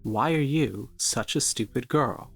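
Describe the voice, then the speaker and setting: A man's voice: mid-range voice, measured pace, gravelly, husky, soft background music. A man reading the lines of a stern, controlling holy woman aloud from a visual novel, in a harsh, repetitive scolding tone. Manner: repeats accusations, harsh scolding.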